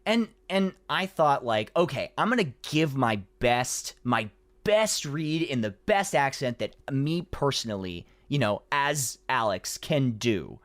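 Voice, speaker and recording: A man's voice: medium pitch, very animated, measured pace, a bit bright, no room sound. A man, a voice actor, telling a long story in a casual podcast chat, rambling with many restarts.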